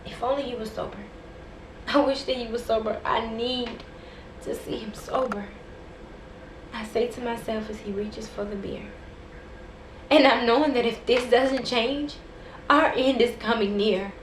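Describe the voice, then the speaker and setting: This woman performs spoken word poetry in a fairly high, steady voice, moving a little slowly and pausing often, her dramatic, rhythmic delivery swelling to an impassioned peak. It was recorded in an echoey room with a faint hum of background noise.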